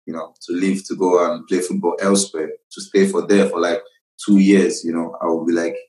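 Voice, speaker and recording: A young Nigerian man with a low, deep voice talks earnestly as an interview guest, circling back over his phrases as he finds the words. He comes through a remote call that sounds roomy and echoey. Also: flat delivery, fairly quick, darkish tone. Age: young adult. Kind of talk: casual interview.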